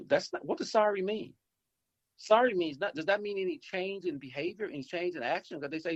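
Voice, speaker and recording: Over a dull, lo-fi phone line comes a high-sitting, gravelly male voice, very animated and a little fast, with no echo. He's a middle-aged insurance agency owner and investor rambling through advice in an interview, full of repeats and restarts while playing out conversations with customers.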